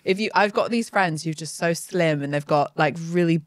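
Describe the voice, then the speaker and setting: A woman's voice: deep voice, no room sound, clean studio sound. A woman from Australia with an Australian accent, hosting a casual interview in a chatty, playful way. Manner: chatty, playful, quick to laugh. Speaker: podcast host.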